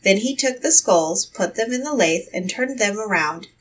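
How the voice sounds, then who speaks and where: A woman reading a fairy tale aloud in a measured storytelling manner. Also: medium pitch, lively intonation, recorded from a distance, a little hiss or hum, rough recording.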